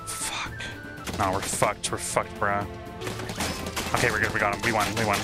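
A young man streaming a game, reacting out loud, excitable and swearing a lot as he talks to the screen. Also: on the low side, moderate pace, loud music behind the voice. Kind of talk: casual reaction commentary. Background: game soundtrack and game dialogue.

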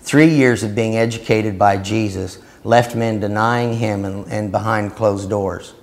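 A man teaching a Christian seminar and telling a story, growing loud and animated as he acts out what he said. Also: on the low side, unhurried. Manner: storytelling, growing loud and animated when acting out his reply. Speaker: preacher.

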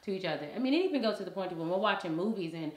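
Chatty woman cohosting a parenting podcast, lively and talkative, roomy echo. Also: medium pitch, racing. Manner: animated, talkative, self-described verbal processor. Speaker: podcast co-host. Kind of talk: casual parenting chat.

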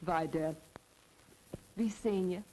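An actress playing a spirited young woman reassuring her father, brisk and cheerful, in a 1930s film. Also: lowish voice, warm tone, a little hiss or hum, low-quality recording.

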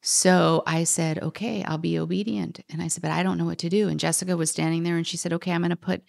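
A middle-aged woman telling a personal story as a podcast guest, animated, quoting others and sometimes dropping to a whisper. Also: fairly low pitch, fast talker, gravelly. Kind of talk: storytelling in conversation.

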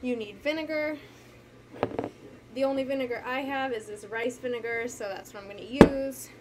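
A woman teaching young children at home, walking them through a movement game and a science activity in a gentle, encouraging way that sometimes loses its place. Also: high voice, moderate pace, noisy background. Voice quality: gentle, encouraging, occasionally losing her place. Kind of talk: children's lesson, talking to camera. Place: home with a carpet.

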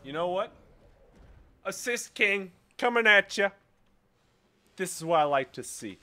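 A young man commentating his own gameplay, boastful and profane, swinging between low mutters and loud triumphant yelling. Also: expressive, a little slow. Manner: profane, boastful, self-mocking. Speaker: gaming streamer.

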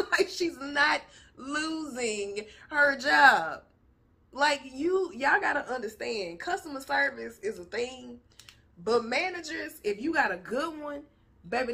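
High bright woman doing a reaction vlog, slangy and cussing a lot, kinda husky. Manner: animated, profane, laughing asides, slangy. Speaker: vlog host reacting to videos. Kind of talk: casual reaction commentary.

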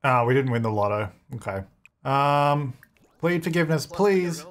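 A man with a fairly high voice narrates his game in a casual, chatty way. His pitch swings widely as he coaxes and scolds the little people on screen, with frequent laughs along the way. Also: lively intonation, normal speed, soft background music. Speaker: gaming video creator. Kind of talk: casual gameplay commentary.

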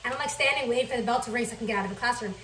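A young woman telling a chatty, fast storytime while cooking in her kitchen, swearing freely. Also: a little high, fairly bright tone, far from the mic, slight background noise, rough recording. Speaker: vlogger. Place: home kitchen.

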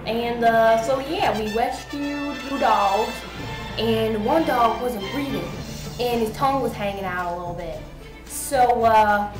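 A teenage girl playing a dopey male firefighter who rambles loudly with lots of fillers. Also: on the high side, reverberant. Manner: rambling, filler-heavy, loud.

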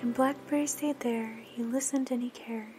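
A woman gently narrating and singing a children's story in a soft, sing-song voice that often drops to a whisper. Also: on the high side, steady tone, normal speed, over music.

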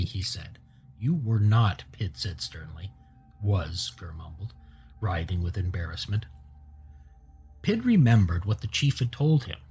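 Guy reading a sci-fi audiobook, low raspy dark voice, faint music behind. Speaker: audiobook narrator. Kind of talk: scripted narration.

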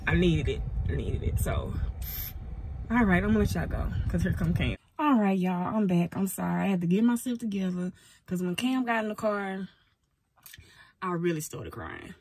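A woman's voice: on the low side, normal speed, darkish tone. A woman telling a heartfelt story in a casual vlog, speaking into a phone from a parked car. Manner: earnest, heartfelt, rambling. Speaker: vlogger. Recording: car noise in background.

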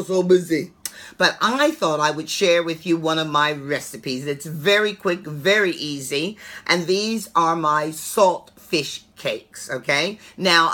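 A chatty woman hosts her cooking show from a kitchen, talking her viewers through a recipe with animated affection. Her voice is bright and forward. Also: lowish voice. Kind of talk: casual cooking demonstration.

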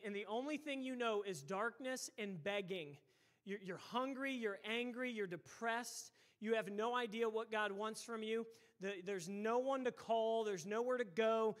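A pastor preaching a sermon into a microphone in a church, loud and emphatic, repeating words and breaking into shouts. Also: male voice, very high-pitched. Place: church sanctuary. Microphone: handheld or stage microphone.

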